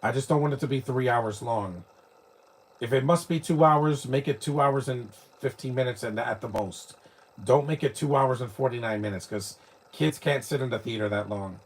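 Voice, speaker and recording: A man's voice: mid-range voice, moderate pace, husky. A man from New York, giving rambling, opinionated live commentary while watching a movie, often restarting his sentences. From New York, United States.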